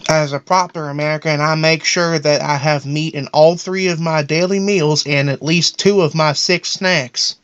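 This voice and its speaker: A man's voice: fairly high pitch, steady tone, moderate pace, few pauses, a bit bright, no room sound, close to an everyday voice. A man voicing a paranoid, boastful middle-aged cartoon dad in a rambling, self-important comedic monologue. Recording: dull lo-fi audio.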